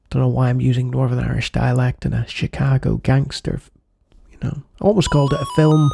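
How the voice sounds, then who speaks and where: A man's voice: mid-range voice, a little fast, vocal fry, warm tone, faint music behind. A man hosting a retro game channel, giving playful let's-play commentary with jokey asides.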